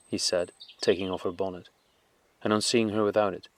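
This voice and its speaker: A man narrating a classic novel as an audiobook in a measured, calm, unhurried way. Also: low voice, no room sound.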